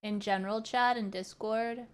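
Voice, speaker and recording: A woman's voice: a little high, fairly even intonation, normal speed, smooth. A woman streamer chatting casually and playfully close to a studio mic, rambling and restarting her sentences. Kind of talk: casual chat.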